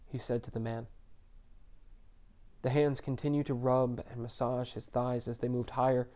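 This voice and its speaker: A man narrating a story in a measured, subdued reading. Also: mid-range voice, level tone, mellow.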